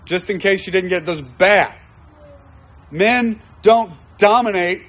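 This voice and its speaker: A man's voice: high voice, a little slow, fairly bright tone, slightly rough. A man preaching a conversational sermon, acting out quoted voices and repeating lines for emphasis. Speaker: pastor.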